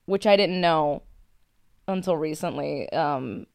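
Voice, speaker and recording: An easygoing young woman, an actor, chatting on a podcast. Her voice is smooth and mid-pitched, recorded dry and close. She laughs often and drops casual swears. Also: slow, a little mellow, dry recording. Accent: Cuban when speaking Spanish. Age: young adult. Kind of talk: casual chat.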